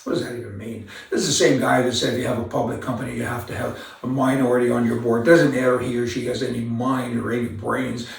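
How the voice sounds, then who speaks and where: A man's voice: mid-range voice, flat delivery, fast, vocal fry, hardly any pauses. A man hosting an opinion commentary monologue, talking in a rambling, indignant, folksy way. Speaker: commentary host. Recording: very echoey room, far from mic.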